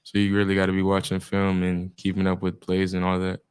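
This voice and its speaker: Teenage football player, man, low voice, smooth, flat delivery, informal, relaxed. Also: brisk. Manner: relaxed, informal speech with "we be" phrasing and many "uh"s. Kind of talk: casual interview chat.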